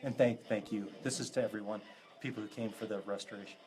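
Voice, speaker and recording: A man, a psychic medium, leading a live ghost box session with a group indoors, chatty and quick to laugh as he relays answers. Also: fairly low pitch, steady tone. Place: indoors in a historic house with a group.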